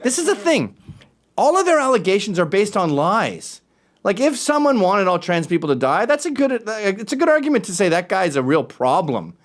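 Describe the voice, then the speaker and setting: Animated sarcastic male talk-show host. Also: high voice, normal speed. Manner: animated, sarcastic, jumping between loud and muttered. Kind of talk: opinionated talk-show rant.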